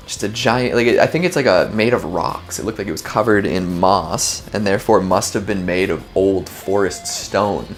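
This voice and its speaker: A man with a somewhat low voice chats through scary clips in a loose, joking way. He rambles, piles up fillers and riffs on what he sees. Faint music plays underneath. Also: animated, moderate pace. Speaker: video reaction host. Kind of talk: casual reaction commentary.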